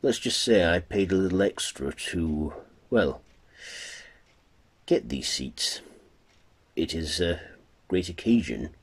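A man voicing a polite young gentleman, earnest and slightly raised in pitch. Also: expressive, slow, pauses often, slightly rough, heavily acted. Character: polite young male suitor, puzzled.

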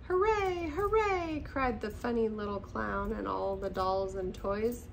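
An older woman reading a picture book aloud at home in a gentle, expressive storytelling manner. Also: mid-range voice, unhurried, gravelly, a little hiss or hum, poor audio. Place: seated in a chair at home.

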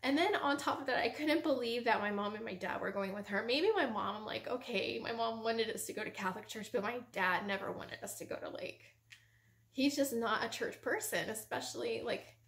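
A woman recounts her faith story in a relaxed, conversational testimony. Her voice sits a touch high and keeps circling back with casual fillers. The room around her adds a noticeable echo. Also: brisk. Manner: chatty, fills speech with "like" and "you know". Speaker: Christian ministry host giving her testimony. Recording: roomy echo.

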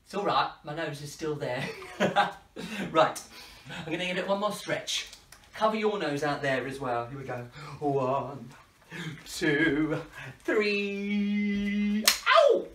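A woman hosting an interactive children's party show, playful and animated as she coaxes the kids to join in. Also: low-pitched, measured pace, distant mic, slight background noise. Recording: echoey room, voice from off-mic.

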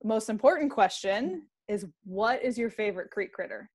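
A woman's voice: medium pitch, expressive, normal speed, a little mellow. A woman hosting an interview, chatting enthusiastically and acting out children's voices in her stories. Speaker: program host and interviewer. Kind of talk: casual interview chat.

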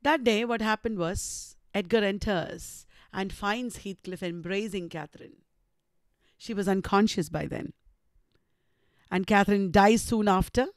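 Brief: Indian English woman lecturer, medium pitch, very slow deliberate pace, dry close mic. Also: no echo. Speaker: literature lecturer. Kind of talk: recorded lecture.

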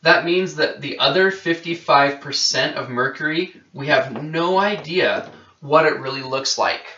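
Bright-voiced man teaching from across a room. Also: on the high side, unhurried, a little hiss or hum. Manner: conversational, checks in with "okay?", self-correcting. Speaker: science teacher. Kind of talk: classroom lecture. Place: classroom with whiteboard. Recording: roomy, distant and dull-sounding.

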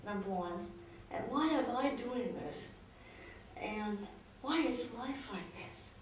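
A weary, frustrated wife worn down by caring for her husband, as a woman role-plays her in a counseling demonstration. She talks slowly and rambles. The sound is distant and very echoey, with faint room noise. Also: fairly high pitch, animated. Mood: angry. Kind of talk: role-played counseling client.

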